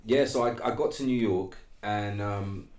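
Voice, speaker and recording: Male podcast guest, very deep voice, roomy echo, easygoing storyteller. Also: normal speed. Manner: relaxed storyteller, tags lines with "right?". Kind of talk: casual chat, storytelling.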